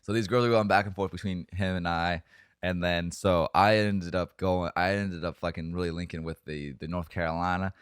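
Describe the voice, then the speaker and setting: A young man with a very low voice tells a story on a podcast, wandering through fillers and swearing as he goes. The sound is dry and close, with no room around it. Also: steady tone, normal speed, clear, resonant tone, no room sound. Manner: rambling, profane storytelling with many fillers. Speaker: podcast co-host. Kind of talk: casual storytelling chat.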